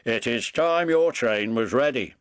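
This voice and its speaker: A man's voice: medium pitch, animated, measured pace, clear, resonant tone, no room sound, close to an everyday voice. A man playing a stern, portly male railway boss who speaks in a firm, proper, clipped way.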